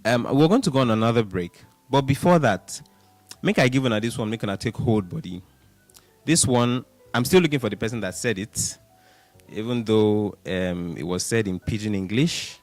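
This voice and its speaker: Radio host, man, lowish voice, lively chatty delivery, faint music underneath. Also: moderate pace, dry recording. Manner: chatty, animated, laughs, counts aloud. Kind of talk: casual radio talk. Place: radio studio.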